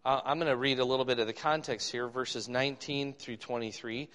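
A man preaching a sermon, reading scripture slowly and with emphasis, then explaining it in a conversational way. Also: mid-range voice, fairly even intonation, a bit bright. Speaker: pastor. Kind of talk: expository sermon. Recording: long hall reverb.

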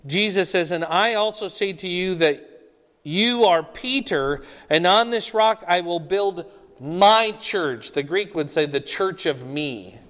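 A man's voice: high-pitched, a little slow, fairly bright tone. A man teaching a Bible study, stressing key words and often checking in with his listeners. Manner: emphatic, repeats key words and checks in with "okay?". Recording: long hall reverb.

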